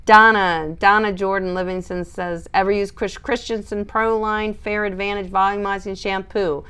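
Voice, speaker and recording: A woman dog groomer hosting a casual live stream, chatting and reading out viewer comments in an animated, laughing way. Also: mid-range voice, normal speed, clean tone.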